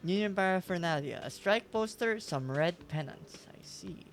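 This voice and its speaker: A man's voice: a little high, expressive, moderate pace, few pauses, soft background music. Chatty man streaming a game. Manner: chatty, laughs often, reads text aloud. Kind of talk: casual gameplay commentary.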